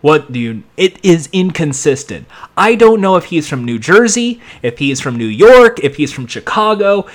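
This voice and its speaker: A TV episode reviewer with a high voice rambles through a casual recap at a moderate pace, barely pausing. He's animated and acts out lines from the episode as he goes.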